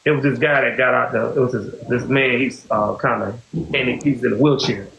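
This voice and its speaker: A man's voice: medium pitch, fairly even intonation, fairly quick, vocal fry, crowd noise. A man hosting a podcast, telling a personal story in casual, rambling talk that keeps circling back to "you know what I'm saying.". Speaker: podcast host. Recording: echoey room with faint hiss.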